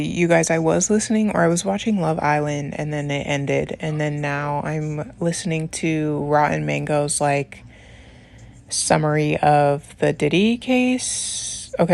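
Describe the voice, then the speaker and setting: In a relaxed voice-over, a young woman goes through her nail routine, rambling off into tangents, filling gaps with "like" and laughing while she speaks. Her low voice carries lots of vocal fry and moves at a measured pace.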